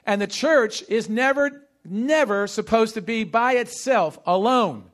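In a sermon full of call-and-response with his congregation, a high-pitched male pastor shifts from quick bursts of speech into slow, stressed phrasing.

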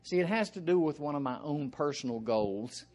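Folksy older Southern preacher. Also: male voice, on the high side, expressive, normal speed, a little mellow. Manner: folksy, rambling with asides and throat clearing. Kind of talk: informal sermon.

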